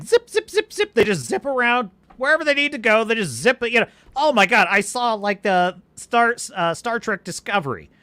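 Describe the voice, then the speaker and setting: Guy hosting a live stream, rambly, answers chat, bright voice that swoops around a lot. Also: sits high, no echo. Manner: animated, rambling, restarts sentences. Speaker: podcast host.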